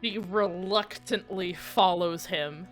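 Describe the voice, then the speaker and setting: A woman playing a tabletop role-playing game, casually describing her character's actions and speaking her lines quietly. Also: fairly low pitch, slow, soft background music. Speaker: player.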